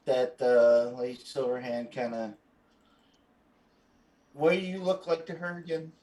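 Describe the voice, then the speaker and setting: A man narrating a tabletop game as its game master, his voice at an ordinary middle pitch for a man. He takes his time, describing each scene slowly and stopping often for "uh" and "um" before moving on. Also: steady tone, warm tone. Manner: unhurried, halting descriptions with many fillers.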